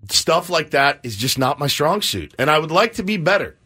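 A middle-aged man co-hosting a morning radio show, telling stories with lively put-on voices. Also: on the high side, normal speed, slightly rough. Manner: animated storyteller, acts out voices in his stories. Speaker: sports radio co-host. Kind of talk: casual morning-show banter.

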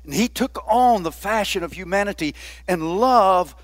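A man preaching a sermon, often asking the congregation "Amen?" and slowing down to stress key words. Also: high voice, expressive, dry recording. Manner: call-and-response preaching with frequent "Amen?". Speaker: pastor.

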